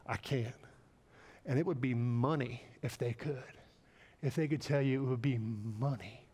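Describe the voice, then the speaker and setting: A man preaching a sermon, animated and playful, acting out quoted voices with joking asides. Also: medium pitch, normal speed, husky, long reverb tail. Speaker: pastor. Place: church sanctuary.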